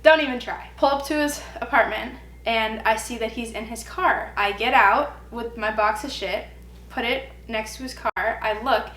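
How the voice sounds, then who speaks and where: Animated young woman telling a storytime. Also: a little high, moderate pace. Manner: animated storytelling, acts out quoted lines. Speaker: vlogger. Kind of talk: storytime vlog. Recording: echoey room with faint hum.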